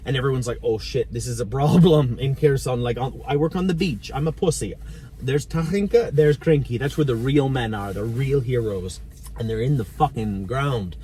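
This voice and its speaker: A man's voice: medium pitch, lively intonation, normal speed, dark tone. A man talking in a casual sit-down conversation, blunt and ranting, swearing freely. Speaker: volunteer driver and channel host.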